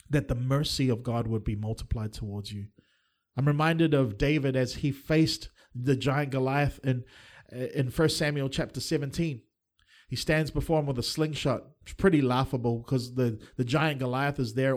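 A man's voice: medium pitch, a little slow, darkish tone. A middle-aged man preaching a livestreamed sermon, earnest and fervent, with touches of light humor. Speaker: pastor.

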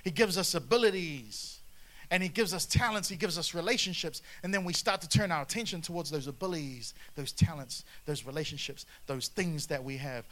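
Bright-voiced man preaching with animated energy. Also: on the high side, a little fast. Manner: animated preaching with asides to the congregation. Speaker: pastor. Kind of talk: sermon.

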